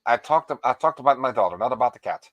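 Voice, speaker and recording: A father calmly explaining his daughter's building project in casual chat. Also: mid-range voice, fast talker, no room sound, lo-fi sound. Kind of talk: casual chat on a modelling stream.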